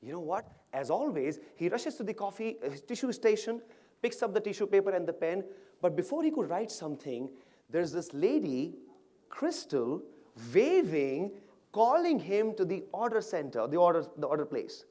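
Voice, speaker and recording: Animated man giving a stage talk. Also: high-pitched, normal speed. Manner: energetic, questions the audience often, acts out dialogue. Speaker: motivational speaker at an awards event. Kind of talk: animated stage speech to an audience. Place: large event hall with live audience.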